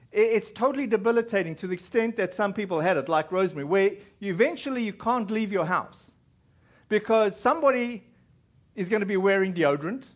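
A man with a high-pitched voice preaches a sermon in a church. He tells his story in a loose, rambling way, full of fillers and restarts. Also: fairly bright tone. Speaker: pastor. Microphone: recorded in a church.

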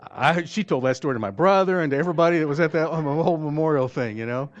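A man with an Oklahoma accent preaching a storytelling sermon in a folksy, halting way, often repeating words as he goes. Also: a little high. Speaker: pastor. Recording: dull lo-fi, dry.

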